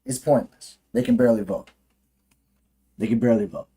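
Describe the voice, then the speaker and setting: A man's voice: mid-range voice, brisk, warm tone, slightly rough. A man ranting through political commentary on a livestream, profane and heated, often restarting his sentences.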